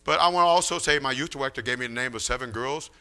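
A bashful young man mumbles a request for prayer, played by a male preacher. He speaks quietly and haltingly, in short broken pieces. His voice stays clear and bright. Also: mid-range voice, pitched below the performer's own voice. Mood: pleading. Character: shy young man asking for prayer, soft.

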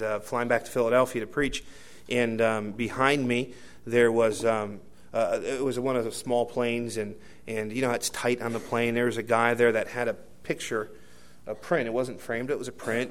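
A man preaching a sermon, telling a personal story with many fillers and restarts, moving between hushed asides and loud emphatic bursts. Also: mid-range voice. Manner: rambling anecdotal delivery with many fillers and restarts.

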